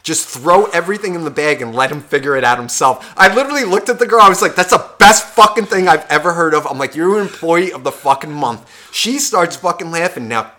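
A man co-hosting a podcast, telling a profane story in a casual, animated way and acting out the people in it. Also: fairly high pitch, fairly quick, few pauses. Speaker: podcast co-host.

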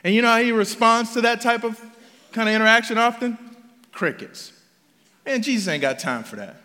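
A man's voice: very high-pitched, animated, brisk, sharp tone, long reverb tail. A man preaching a sermon as pastor in a conversational, emphatic way, often restarting his phrases.

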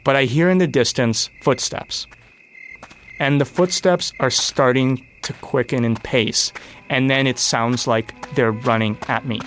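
A young man tells his story with breathless energy, his voice jumping up in sudden bursts as the tension builds. His pitch sits mid-range, with a faint bed of music underneath. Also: a little slow, fairly bright tone. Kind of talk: personal story told on stage.

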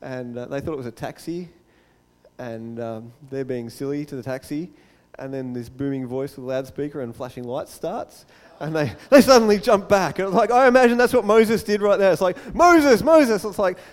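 A man preaching a sermon as a pastor, telling the story in a lively way and acting out the scenes. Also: a little high, brisk, in a large hall. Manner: animated storytelling, acts out the scene.

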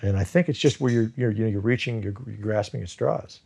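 Brief: actor as interview guest, husky low voice, rambling and casual. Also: male voice, fairly quick, dark tone. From United States. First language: Farsi. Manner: rambling, many restarts and fillers.

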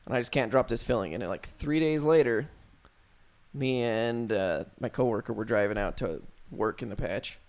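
A man's voice: medium pitch, moderate pace, a little mellow. Young guy rambling through a creepy story, lots of cursing and "like", mid voice. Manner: loose, profane storytelling full of "like". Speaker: storyteller among friends. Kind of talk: casual chat.

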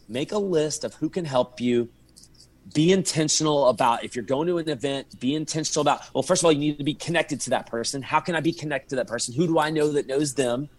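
Animated male podcast guest telling stories. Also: on the high side. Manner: animated storyteller, acts out his own texts and inner thoughts. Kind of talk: casual podcast storytelling.

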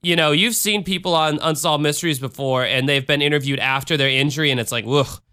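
A man's voice: on the high side, brisk, pushed and bright, smooth. An American man hosting a casual true-crime podcast, retelling a case with chatty asides. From United States. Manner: chatty, retells cases with asides and bad impressions. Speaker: podcast host.

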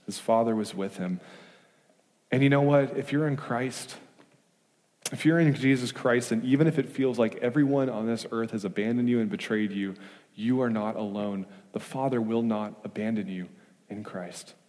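A male pastor delivers a sermon in a middle-pitched voice, pressing his points with rhetorical questions. He swings between raised, urgent emphasis and quiet, hushed reassurance. The sound carries a long reverberant tail from a church hall. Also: moderate pace. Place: church sanctuary.

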